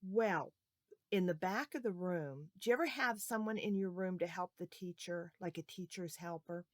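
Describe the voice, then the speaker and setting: A woman telling a story to young children, animated and often asking the children questions. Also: fairly low pitch, moderate pace, dry recording, studio quality.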